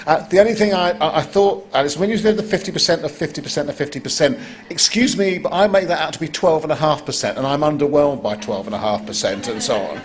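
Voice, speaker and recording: Facing a live audience, a man compères a competition in a fairly high voice. He jokes wryly and breaks into excited exclamations. Faint ambience hums behind him. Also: quick pace, hardly any pauses, slight background noise. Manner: wry, joking, bursts into excited exclamations. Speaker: competition host. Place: conference stage before an audience.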